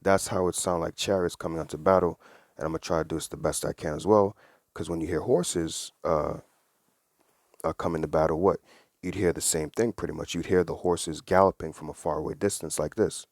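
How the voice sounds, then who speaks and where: Man, deep low voice, casual Bible study teacher, earnest conversational explaining, dry close sound. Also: fairly even intonation, a little fast, no echo. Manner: earnest, conversational, reads verses then explains them.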